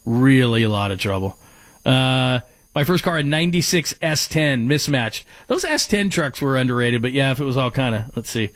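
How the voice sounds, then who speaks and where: Speaking at a normal speed in an animated, medium-pitched voice, a man hosts sports talk radio through a studio microphone with a dry sound. His chat is casual and rambling, and he trails off mid-sentence while reading out listener texts.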